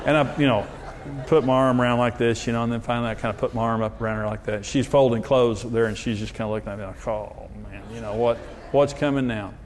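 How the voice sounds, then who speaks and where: A man's voice: medium pitch, fairly even intonation, fast talker, slight background noise. A man preaching in a humorous, self-deprecating storytelling way, using jokes and anecdotes. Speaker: pastor.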